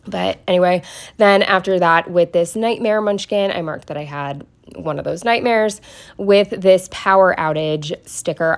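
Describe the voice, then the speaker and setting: A young woman with a congested voice and a slight lisp, chatting casually in a rambling, candid voice-over about her planner and her week. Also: lowish voice. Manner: rambling and candid, lots of fillers and asides. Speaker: planner vlogger.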